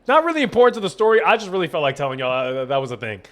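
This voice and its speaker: A young man with a somewhat high-pitched voice tells his stream chat a long story from his home setup on a desk mic. He rambles and swears freely. He plays out every quoted line with animated energy. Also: very fast. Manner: rambling, profane, animated retelling with quoted dialogue. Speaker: gaming streamer.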